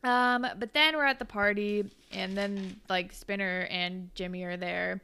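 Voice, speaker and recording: A woman's voice: medium pitch, fairly even intonation, measured pace, gravelly, pushed and bright, smooth. A woman co-hosting a casual chat, recapping a TV episode in a rambling, giggly way and acting out the characters' lines. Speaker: podcast co-host.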